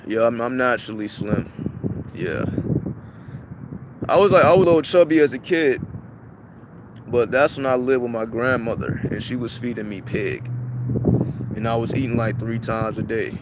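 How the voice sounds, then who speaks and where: A man with a mid-range voice vlogs to his viewers at a normal speed, leaving long pauses, with background noise audible. He chats casually, swears a lot, repeats himself, and keeps restarting his sentences.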